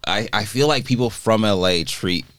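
A man's voice: on the low side, a bit bright, no room sound. A man from Los Angeles, a guest comedian and writer, chatting casually on a podcast and agreeing often. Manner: loose, quick agreeing with many yeahs.

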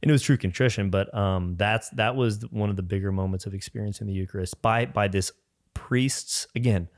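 Low-voiced man telling a rambling story. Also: brisk, no echo, studio quality. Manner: rambling storyteller, frequent "like" and restarts. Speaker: podcast guest. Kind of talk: casual faith testimony.

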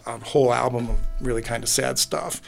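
A man's voice: medium pitch, steady tone, brisk, gravelly, faint music behind. A middle-aged man, a musician, talking in a rambling, heartfelt way in a casual interview. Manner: rambling and heartfelt, many restarts. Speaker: musician guest. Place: podcast booth.

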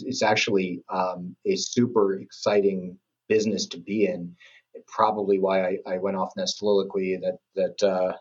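A middle-aged man talking as a podcast guest, eager and halting, often restarting his sentences. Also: low-pitched, husky, dull audio. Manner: enthusiastic, halting, with many restarts. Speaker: guest, company executive. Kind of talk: casual podcast interview.

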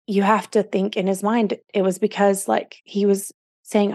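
Woman in her forties, podcast host, earnest and heartfelt, mid-pitched voice, dry close mic. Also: flat delivery, moderate pace, darkish tone, no echo. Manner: earnest, emotional, reflective. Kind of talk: casual interview chat.

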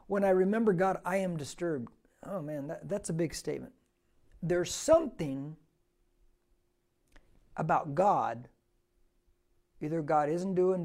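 Mellow-voiced pastor preaching casually. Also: male voice, high voice. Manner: conversational, asks the listeners rhetorical questions; reads scripture aloud with rising force. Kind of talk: verse-by-verse sermon.

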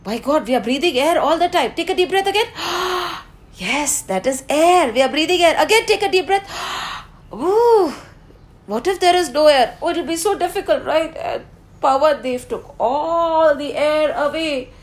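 A woman's voice: high-pitched, lively intonation, moderate pace. A woman, animatedly telling a story to children with exclamations and questions.

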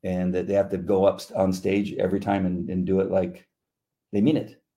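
Deep, mellow middle-aged man. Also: monotone, fairly quick. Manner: earnest, reflective. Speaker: co-host. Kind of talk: devotional chat.

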